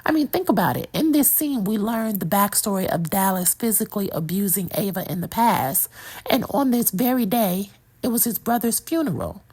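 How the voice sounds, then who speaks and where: A woman's voice: medium pitch, lively intonation, normal speed, a little mellow, breathy edge. A woman giving an opinionated, sassy movie review in a casual chatty way, talking straight to her viewers. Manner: sassy, opinionated, talks to viewer as "girl" and "child".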